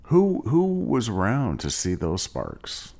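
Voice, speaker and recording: A man from Ohio hosting a podcast, talking in a rambling, hesitant way with lots of shout-outs. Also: on the low side, wildly swooping pitch, slow. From Ohio, USA. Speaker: podcast host. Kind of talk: casual interview chat.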